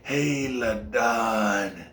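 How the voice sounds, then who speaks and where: A man voicing a quiet old man of about seventy-nine who speaks low and slowly in a half whisper. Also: slight background noise. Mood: slow, hushed. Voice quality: low, hushed, drawn-out. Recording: roomy echo.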